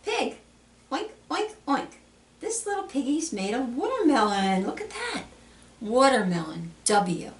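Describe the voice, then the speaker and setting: Lady reading a storytime book to kids, sing-songy and bouncy, high voice, echoey room with the mic kinda far off. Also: unhurried, slight background noise. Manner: animated and sing-song, with playful animal sounds. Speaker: children's librarian. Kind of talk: children's storytime read-aloud. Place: public library.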